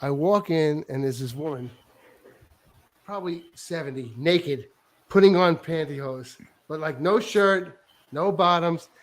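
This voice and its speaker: A man in his fifties telling a comic story as a talk-show guest, animated and profane, with stammering restarts. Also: on the high side, measured pace. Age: 50s.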